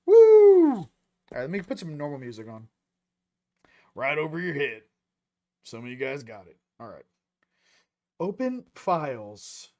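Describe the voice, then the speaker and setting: A man's voice: mid-range voice, lively intonation, normal speed, long pauses. A man hosting a casual spiritual card reading, joking and slangy with frequent laughs. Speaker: host of a spiritual reading show.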